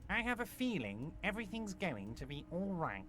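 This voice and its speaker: Evrart: a smug, oily union boss. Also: male voice, high voice, big pitch swings, normal speed. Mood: falsely soothing. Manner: oily, falsely reassuring. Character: smug, scheming male union boss, large and jovial. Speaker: game character.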